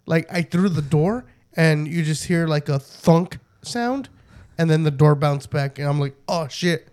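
High-voiced young man telling a profane story. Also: unhurried. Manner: profane, laughing, animated storytelling. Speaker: storyteller among friends. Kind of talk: casual chat.

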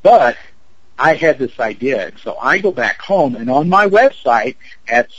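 A man's voice: mid-range voice, sing-song, measured pace, fairly bright tone, husky, dull audio. A man in his fifties, an actor and producer, telling a story in an interview in a chatty way, with lots of fillers and acted-out quotes. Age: 50s. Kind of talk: anecdote in an interview.

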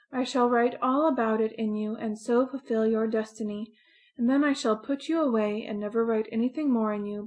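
A woman reads a first-person audiobook story in a fairly high voice. Her delivery is earnest and expressive, like someone confiding in a diary. It is steady storytelling throughout. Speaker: audiobook narrator.

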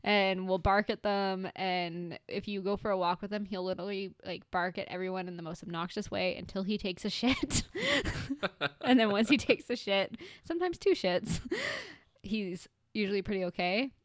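A woman's voice: mid-range voice, normal speed, dry recording, studio quality. A woman co-hosting a comedy podcast who chats casually, rambles and laughs often. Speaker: podcast co-host.

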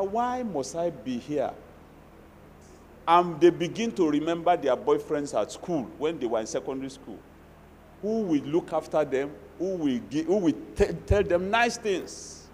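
Nigerian pastor preaching in a reverberant hall. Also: male voice, fairly high pitch, a little hiss or hum. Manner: animated preaching with Yoruba asides and acted quotes. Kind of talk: sermon.

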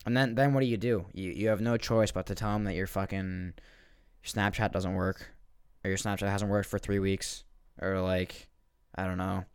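A man's voice: sits low, fairly even intonation, normal speed, clear, resonant tone, no room sound, clean studio sound. A young man hosting a podcast, telling a comic rant full of swearing, rambling and restarts. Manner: profane, rambling, restarts often. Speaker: podcast host. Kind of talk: comedic rant.

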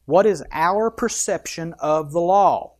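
A pastor preaching a sermon, reading scripture aloud with emphasis and breaking off for quick asides. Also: mid-range voice, a little mellow.

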